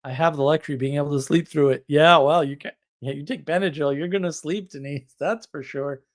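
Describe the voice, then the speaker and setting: A man hosting a live stream chats casually and rambles, laughing at his own stories. His voice is a little high and his pace a little fast.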